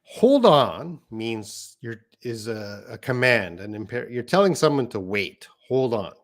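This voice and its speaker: A man's voice: medium pitch, very animated, a little slow. A man teaching an English lesson on a live stream, reading out viewer comments and explaining patiently.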